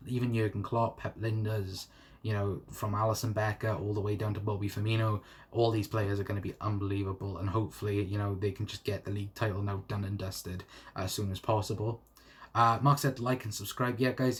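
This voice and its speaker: Husky-voiced man chatting on a stream. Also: lowish voice. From England. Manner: rambling, many fillers like "you know" and "uh". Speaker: fan channel host. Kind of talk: casual live-stream chat reading comments.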